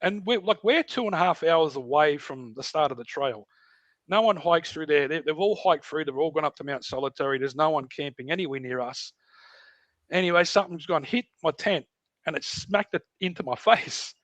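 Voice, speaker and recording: A middle-aged Australian man tells a story as a podcast guest, casual and animated, acting out voices and sounds. He speaks at a normal speed in a fairly high voice, and the recording has no echo.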